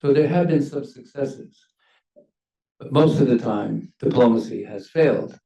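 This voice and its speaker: Gravelly older man, emphatic panel talk. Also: mid-range voice, warm tone. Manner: measured, emphatic, stresses key words. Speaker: panelist, former ambassador. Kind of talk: panel discussion remarks. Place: university lecture hall. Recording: echoey hall, mic at a distance.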